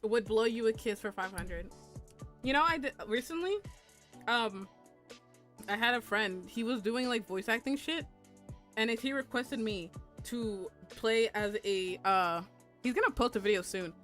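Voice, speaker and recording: Soft background music plays as this VTuber artist draws live and talks with her audience. The young adult woman's voice is fairly high, a little slow, and a bit bright, and she's chatty and crude, laughing and squealing often.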